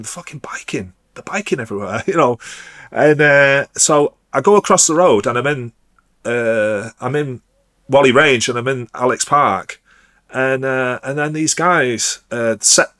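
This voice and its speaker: A man's voice: medium pitch, bright, forceful tone. A middle-aged man telling his story as an interview guest. He rambles, circles back and restarts his sentences, full of fillers. His voice sits in a plain middle register. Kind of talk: candid storytelling.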